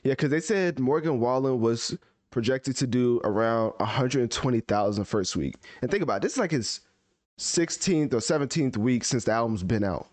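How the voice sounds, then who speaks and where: A man hosting a casual music review chat, talkative and opinionated, working through chart numbers out loud. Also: medium pitch, lively intonation, normal speed, no echo. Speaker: music review podcast host.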